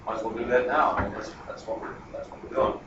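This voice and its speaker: A man's voice: fairly low pitch, steady tone, fast. A man giving a math lecture at a board, chatty and digressive, thinking aloud as he goes. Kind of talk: classroom lecture. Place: classroom. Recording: echoey classroom, distant lo-fi mic, noisy.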